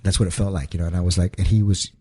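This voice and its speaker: A man with a husky, slightly low voice talks through a long story in an interview. He stumbles and repeats words as he goes, reliving each moment aloud. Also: steady tone, very fast, darkish tone. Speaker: guest, wrestler.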